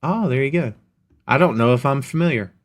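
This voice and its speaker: A middle-aged man hosting a podcast in casual chat, animated, his voice jumping up when he gets excited. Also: medium pitch, a little fast. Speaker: podcast host.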